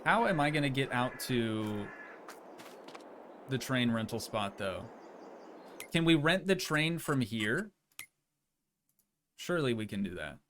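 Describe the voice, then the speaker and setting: A man's voice: medium pitch, animated, slow pace, long pauses, a bit bright, slight background noise. A man streaming a game live, chatting casually, joking and answering his chat as he plays.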